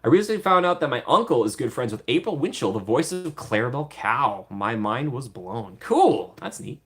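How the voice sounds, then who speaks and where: In a sing-song, slightly bright mid-range voice at normal speed, a man answers his livestream chat. His replies to viewer comments are playful and casual, broken up by frequent giggles.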